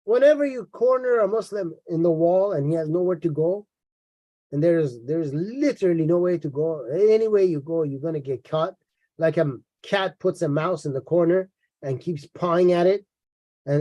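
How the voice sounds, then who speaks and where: A man's voice: on the high side, moderate pace, dark tone, no echo. A tired man giving mocking, sarcastic commentary in a lecture style while reading from a book. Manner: mocking and sarcastic, with frequent repeats and asides.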